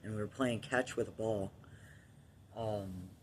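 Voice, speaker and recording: A man's voice: lowish voice, fairly even intonation, a little slow, slight background noise. A man telling a long personal story from his childhood in a casual, rambling way, swearing freely and laughing at his own telling.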